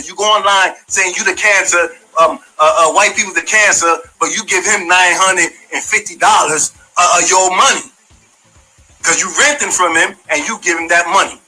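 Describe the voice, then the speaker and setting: Soft music plays behind a low-quality recording of a former community member telling his side. At a normal speed, his high, sharp, slightly rough voice delivers a profane, confrontational rant aimed straight at the person he's calling out.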